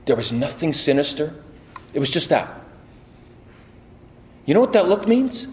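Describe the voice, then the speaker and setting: Animated preacher in an echoey hall. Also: male voice, on the high side, a little slow, slight background noise. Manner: animated storytelling with quoted voices and restarts. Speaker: pastor. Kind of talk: sermon.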